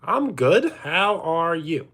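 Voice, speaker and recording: Husky streamer with a New York accent, unhurried chat banter, lively intonation. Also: male voice, on the high side. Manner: reads out and answers chat comments. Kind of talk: casual livestream chat.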